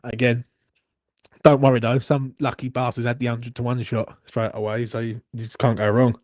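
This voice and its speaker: A man's voice: mid-range voice, level tone, normal speed, darkish tone, no echo, studio quality. A young man hosting a live watchalong stream, chatting in a rambling, sweary, self-mocking way into his phone. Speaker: watchalong host. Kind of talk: casual live-stream chat.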